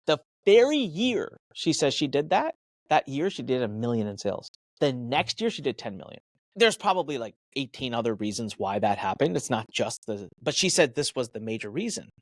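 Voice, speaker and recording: A man guest on a podcast, giving energetic, emphatic business advice and acting out his own thoughts in quick asides. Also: mid-range voice, no room sound. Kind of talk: animated advice talk.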